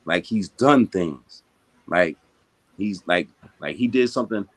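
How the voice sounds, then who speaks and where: A man's voice: deep voice, animated, a little slow. A man hosting a podcast, talking in a heated, casual and profane way, full of slang and emphasis. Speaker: boxing podcast host.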